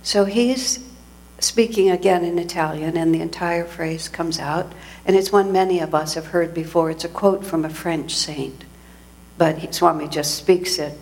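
A woman's voice: fairly low pitch, steady tone, normal speed, a little mellow. A woman giving a sermon as a spiritual teacher, telling a story reflectively and often restarting her sentences.

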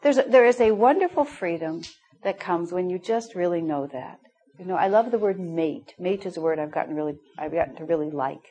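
A woman's voice: lowish voice, animated, fairly quick, rough recording. A middle-aged woman teaching a spiritual class, telling stories with frequent laughter. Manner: warm storytelling, laughing often. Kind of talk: spiritual class talk with anecdotes.

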